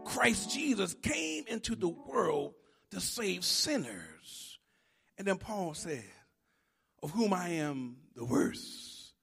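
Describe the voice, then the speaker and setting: A male preacher delivering a sermon, swinging between hushed teaching and shouted, emphatic preaching with repeated phrases. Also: sits high, big pitch swings, slow, creaky, breathy edge, faint music behind.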